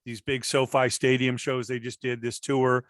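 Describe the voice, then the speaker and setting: A man's voice: medium pitch, little pitch movement, normal speed, no room sound. Rambling man interviewer, dry sound. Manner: rambling, lots of filler phrases. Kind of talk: casual interview.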